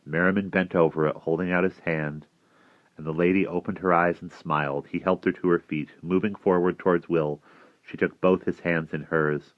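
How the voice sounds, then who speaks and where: A man reading a novel aloud, measured, with small restarts. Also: low-pitched, steady tone, no echo. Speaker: narrator. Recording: dry, slightly dull recording.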